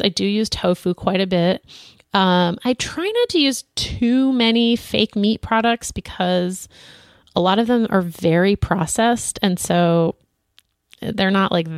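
A woman co-hosting a casual chat show, relaxed and chatty, with lots of ums and easy laughter. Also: mid-range voice, clear, resonant tone, dry recording, studio quality. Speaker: podcast co-host.

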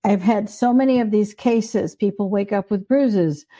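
A woman's voice: mid-range voice, a little slow, mellow. An older woman, a psychic medium guest, telling stories in an interview in an earnest, emphatic way. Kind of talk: storytelling in an interview.

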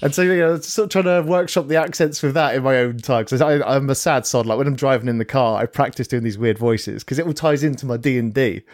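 Give me a man as a guest voice actor, chatting casually on a podcast. He tells animated, self-deprecating stories, tripping over his words at times. Middle pitch, close and dry. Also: fast, few pauses, no echo. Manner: animated storytelling, self-deprecating, stumbling restarts. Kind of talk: casual chat.

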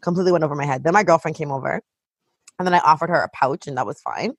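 A woman with a husky, slightly breathy voice tells animated stories in casual chat, leaning on "like" at every turn. The sound is dry and close, with no room around her. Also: deep voice, very fast, no room sound. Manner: animated storytelling, heavy use of "like". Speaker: mother of a toddler.

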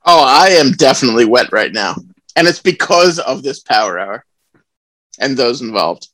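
A man's voice: medium pitch, sing-song, moderate pace, dry recording. A man co-hosting a podcast, joking and laughing through a casual drinking game. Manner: loud, laughing, joking banter. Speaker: podcast co-host.

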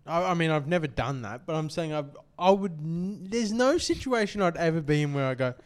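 A man's voice: fairly high pitch, expressive, brisk, clear, resonant tone. A young man co-hosting a casual podcast, laid-back and cracking dry jokes. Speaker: podcast co-host. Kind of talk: casual chat.

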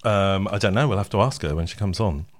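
A man's voice: low-pitched, fast talker. A man hosting a podcast in casual chat, chatty and laughing often. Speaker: podcast host.

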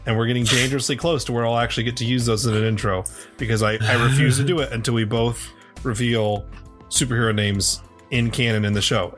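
A podcast co-host with a mid-range, fairly bright voice chats casually. He rambles, filling his speech with fillers and restarts, and swears freely.

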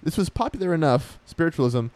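Animated male podcast host. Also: a little high, quick pace. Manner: animated, chatty, frequent fillers. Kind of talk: casual podcast chat.

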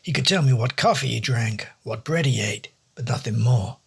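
A man reads a noir detective story in a dry, wry first-person voice. His voice is very husky and gravelly. His pitch sits in a middle range. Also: normal speed. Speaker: storyteller and host. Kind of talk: hard-boiled noir audiobook narration.

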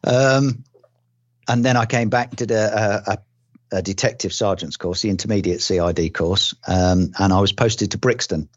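An older Englishman with a very deep voice and fairly even intonation talks through his years as a police detective, now retired, in a relaxed oral-history recollection full of ums, restarted sentences and dry humour. The lo-fi recording sounds dull, dry and close, with no echo.

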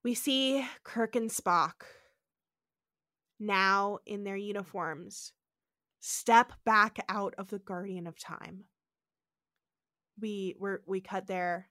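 A young woman co-hosts a podcast and recaps an episode in a chatty way, animated and full of "like" fillers, jumping into voices. Her voice is mid-range and slow with frequent pauses, on a dry recording.

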